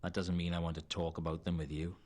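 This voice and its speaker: An actor with a Welsh accent playing a surly half-elf bartender in a game, gruff and curt. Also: male voice, sits low, little pitch movement, fast, darkish tone. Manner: curt and evasive. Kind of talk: video game voice acting.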